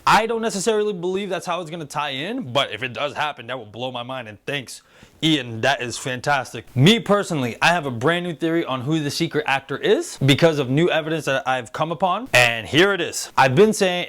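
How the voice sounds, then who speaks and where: A man hosting a casual spoiler review show, excitedly retelling scenes and acting out the characters' lines. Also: fairly high pitch, brisk. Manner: excitable, animated retelling with quoted voices. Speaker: show host reviewing a TV series.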